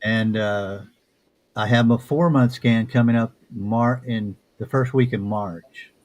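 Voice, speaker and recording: A man with a Southern accent answers questions as a guest author. He speaks in an unhurried, reflective way, starting over mid-sentence as he searches for words. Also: mid-range voice, fairly even intonation, darkish tone. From Texas. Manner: unhurried, reflective, with frequent restarts. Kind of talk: casual interview talk.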